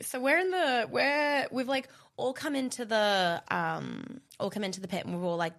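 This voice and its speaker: A woman's voice: medium pitch, gravelly, a bit bright. A young woman co-hosting a podcast, telling stories in a chatty way with lots of fillers and quoted voices. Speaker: podcast co-host. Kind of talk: casual chat.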